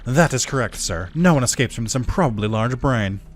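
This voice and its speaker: A man voicing a pompous, self-assured male detective in a video game, in a smug, drawn-out manner. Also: medium pitch, animated, natural voice.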